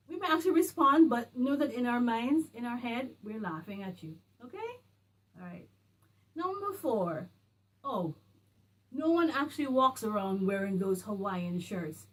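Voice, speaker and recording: A woman from the Caribbean talking casually to camera in a vlog, working through a numbered list in an animated, emphatic way. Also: on the high side, normal speed, slightly rough. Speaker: vlogger. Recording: a bit distant from the mic, faint music.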